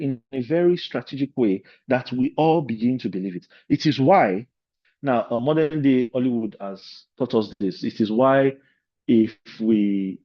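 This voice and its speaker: Speaking to a leadership course in an informal lecture, this medium-pitched man wanders through casual asides. There's no echo, though the lo-fi recording sounds slightly dull.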